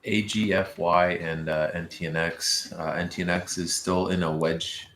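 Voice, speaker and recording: A low, monotone man reads off trading updates with halting pauses. His voice comes through a roomy remote mic with faint noise and clicks behind it. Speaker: trader giving updates.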